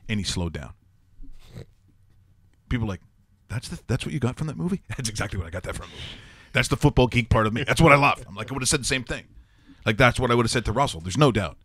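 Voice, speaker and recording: A man hosting a sports talk show, telling stories in a rambling, animated way and laughing often. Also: on the low side, fast, long pauses, dry recording. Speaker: host.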